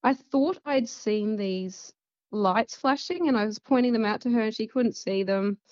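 A woman's voice: a little high, normal speed, darkish tone, no echo, lo-fi sound. A woman with an Australian accent, telling a personal story in a casual, rambling way full of fillers. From central west Queensland, Australia. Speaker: guest.

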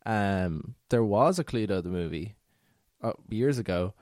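A man's voice: lowish voice, animated, measured pace, darkish tone, no room sound, studio quality. A man co-hosting a film podcast, teasing his co-host and rambling through his thoughts in casual chat.

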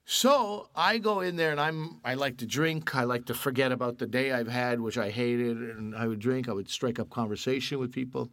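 Gravelly-voiced man telling animated stories. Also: mid-range voice, moderate pace, few pauses, no echo. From Canada. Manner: animated storyteller, acts out quoted voices. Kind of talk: casual storytelling chat.

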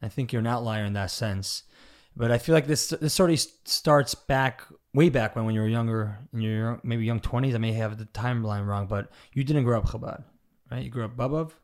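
A man hosts an interview in a casual, chatty way. His voice sits at an ordinary middle pitch. His questions come out loose and full of fillers, with quick little agreements in between. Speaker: host, interviewer.

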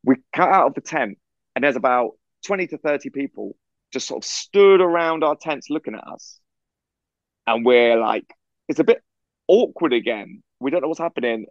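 A man from England, co-hosting a podcast, telling a story in a casual, animated way over a video call. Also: mid-range voice, normal speed, no echo, dull audio. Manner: animated storyteller, acts out quoted voices. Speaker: podcast co-host.

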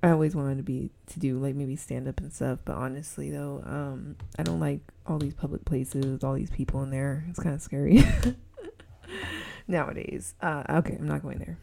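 A young woman hosting her own podcast, rambling in a casual solo chat and breaking often into loud giggly laughter. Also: sits low, normal speed, gravelly. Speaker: podcast host.

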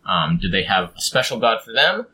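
A man's voice: lowish voice, sing-song, brisk, bright, forceful tone, slightly rough, low-quality recording. A man in casual chat, explaining how to build a fantasy pantheon, rambling with frequent ums. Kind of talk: casual chat about tabletop game design.

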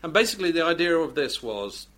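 A man's voice: a little high, very animated, fast talker, fairly bright tone. A man co-hosting a radio chat show, talking in a hesitant, wry way with many restarts. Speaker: radio co-host, magazine editor. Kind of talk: casual studio chat.

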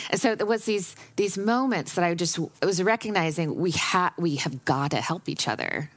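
A woman with a low-pitched voice, recorded dry and close for a podcast. She tells a personal story in a conversational way, full of fillers and restarts. She sounds emotional as she speaks. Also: expressive, moderate pace, hardly any pauses, fairly bright tone, no room sound. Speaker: podcast host being interviewed.

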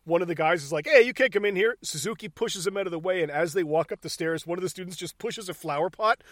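A man with a somewhat high voice co-hosts a casual movie podcast, cursing freely and laughing as he acts out favorite scenes. His voice sounds close and dry, with no room around it. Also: fairly bright tone, no echo. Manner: profane, laughing, acts out scenes in quick bursts. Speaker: podcast co-host.

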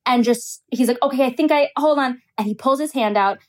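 A woman's voice: high voice, fairly quick. A young woman hosting a podcast, telling a personal story in casual chat, candid and profane, laughing often.

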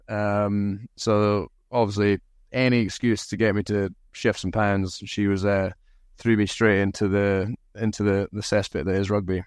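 A man's voice: on the low side, level tone, normal speed, clean tone, dry recording, studio quality. A man from Aberdeen with a Scottish accent, telling easygoing, self-deprecating stories as a podcast guest. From Aberdeen, Scotland. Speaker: podcast guest, rugby team captain. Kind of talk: casual interview storytelling.

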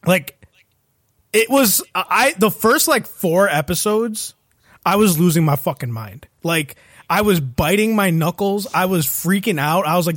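A young man ranting profanely in a casual chat, animated and exasperated. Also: sits high, unhurried, dry recording, clean studio sound. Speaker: podcast co-host. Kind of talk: casual rant.

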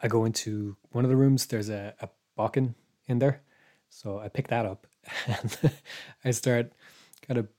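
A man's voice: medium pitch, fairly even intonation, measured pace, darkish tone. A man, a podcast co-host telling a story in casual chat, meandering and hesitant, dropping to a whisper for his own thoughts.

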